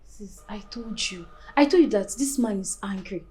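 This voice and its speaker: An actress playing a woman who calmly soothes and placates her upset sister. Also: medium pitch, normal speed, lightly acted. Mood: soothing. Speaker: sister calming a friend down.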